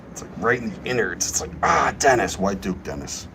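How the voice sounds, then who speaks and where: A man's voice: on the low side, gravelly, bright, forceful tone, slight background noise, rough recording. Playful man hosting a livestream. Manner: playful, reads chat aloud, hypes himself up. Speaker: livestream host. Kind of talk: casual livestream chat. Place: current location he names while streaming.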